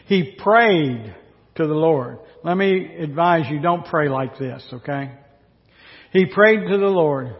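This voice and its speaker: A man's voice: high-pitched, sing-song, a little slow. A man preaching a sermon as pastor, in a conversational way, often asking his listeners rhetorical questions. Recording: dull recording with long hall reverb.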